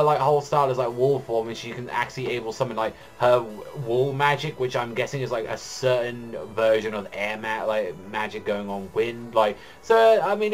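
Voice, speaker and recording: A young man reviewing manga in a casual chat, rambling with heavy filler words and frequent swearing. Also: medium pitch.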